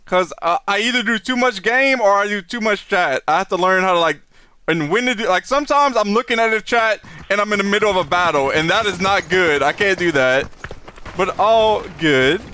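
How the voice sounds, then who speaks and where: Bright, high-voiced young male streamer. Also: expressive, normal speed, smooth, no room sound. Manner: chatty, reads chat aloud, laughs often. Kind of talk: live gameplay commentary.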